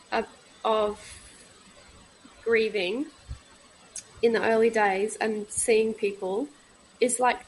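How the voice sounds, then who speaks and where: A woman in her thirties, a midwife, speaking as a guest in a candid podcast conversation, halting and frank with many pauses and fillers. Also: fairly high pitch, slight background noise, poor audio.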